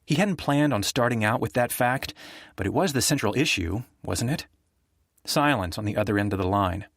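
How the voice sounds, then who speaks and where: A man narrating a thriller audiobook in a steady, even storytelling manner. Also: medium pitch, normal speed, vocal fry, no echo, clean studio sound.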